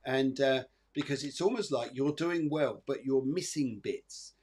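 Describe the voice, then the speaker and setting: A man hosts a live psychic show, reading cards and colours for viewers. He rambles in a chatty, reassuring way, peppered with fillers and restarts, at a mid pitch. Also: a little slow, a little mellow, slightly rough. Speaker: psychic medium host.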